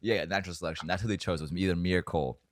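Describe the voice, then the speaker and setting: A man's voice: sits low, steady tone, racing, dry recording. A young man co-hosting a podcast, telling a long story in a rambling, profane, casual way full of fillers. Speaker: podcast co-host.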